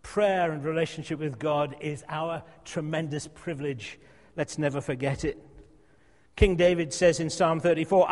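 A man with a high voice preaches a sermon, repeating his phrases for emphasis and now and then dropping to a soft hush. He speaks in a church, and his voice rings with a long reverb. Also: fairly even intonation, moderate pace.

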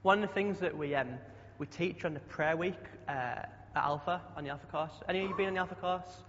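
A man's voice: on the high side, brisk, fairly bright tone, a little hiss or hum. A young man preaching a chatty sermon, often asking the congregation questions. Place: church hall. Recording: dull sound with long hall echo.

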